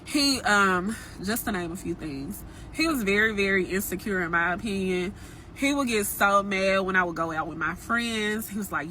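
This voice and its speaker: A woman's voice: medium pitch, moderate pace, bright, forceful tone, a little hiss or hum. A young woman telling a personal dating story to her viewers in a casual, frank, chatty way. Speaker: storytime vlogger.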